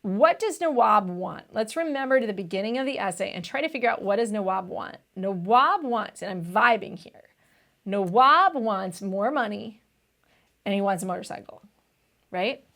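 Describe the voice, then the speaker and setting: A woman's voice: medium pitch, lively intonation, normal speed, gravelly, a bit bright. A young woman tutor explaining test questions in a chatty, casual way, often saying "vibe" and "like".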